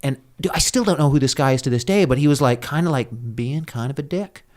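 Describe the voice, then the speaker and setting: A man's voice: medium pitch, fast talker, darkish tone. A man talking as a podcast guest in a casual, rambling storytelling manner, full of fillers and restarts, often laughing at himself. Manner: laughs at his own story. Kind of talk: conversational storytelling.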